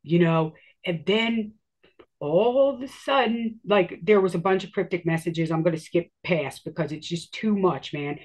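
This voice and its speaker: A woman's voice: on the low side, moderate pace. A woman casually telling a personal story in a rambling way, full of filler words and acted-out quotes.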